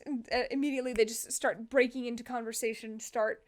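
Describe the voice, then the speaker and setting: High-voiced woman game master. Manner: lively narration, quick asides. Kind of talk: narrating a tabletop game.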